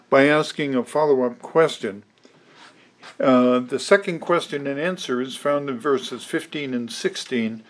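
A man preaching an expository sermon, teaching at a measured pace with frequent ums and restarts. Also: medium pitch.

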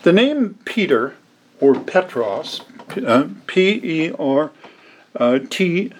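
Male pastor, higher-pitched, preaching a verse-by-verse sermon with deliberate emphasis. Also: very animated. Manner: deliberate, emphatic, reads scripture aloud in old wording. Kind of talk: expository sermon.

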